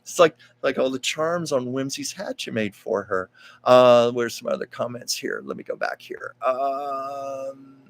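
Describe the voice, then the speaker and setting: A man's voice: mid-range voice, animated, normal speed, creaky. A man hosting a live stream, telling stories in a chatty, rambling way and reading out viewer comments. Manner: chatty, rambling, with frequent fillers and asides.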